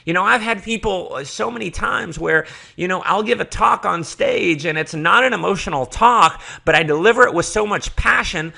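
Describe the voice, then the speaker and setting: A man's voice: high voice, moderate pace, gravelly, pushed and bright. A middle-aged man giving a motivational sales training talk, passionate and emphatic, hammering his points with repeated phrases. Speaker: network marketing trainer.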